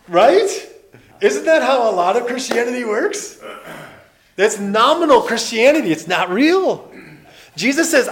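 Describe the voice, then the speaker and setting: A man in his forties preaching a sermon in a church, animated, acting out voices and laughing often. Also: extremely high pitch, a little slow. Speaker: pastor. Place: church building.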